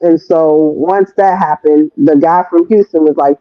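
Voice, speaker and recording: A woman from Washington D.C., a podcast guest telling a story in casual talk. She is animated, swears freely and jumps high in pitch when quoting herself. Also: a little slow, no room sound. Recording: dry, phone-like narrow sound.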